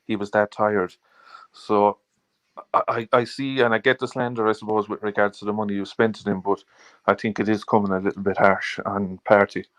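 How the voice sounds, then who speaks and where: Brief: male caller, low voice, dry close sound, measured delivery. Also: little pitch movement, fairly bright tone, dry recording. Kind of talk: fan phone-in opinion.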